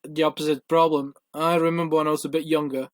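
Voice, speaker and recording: A man from Portugal, a podcast guest chatting casually and explaining his opinions quickly. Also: fairly high pitch, flat delivery. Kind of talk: casual chat.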